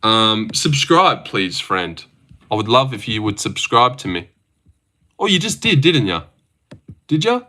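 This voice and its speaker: A man's voice: fairly low pitch, big pitch swings, a little slow, long pauses, bright, forceful tone. A young man livestreaming, casually reading viewer messages aloud and teasing his chat. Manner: reads viewer messages aloud and teases chatters.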